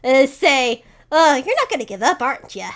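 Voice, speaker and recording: A woman's voice: high voice, big pitch swings, moderate pace. A woman voicing a mysterious, mischievous old-timey male entity with a folksy, amused drawl. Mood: teasing.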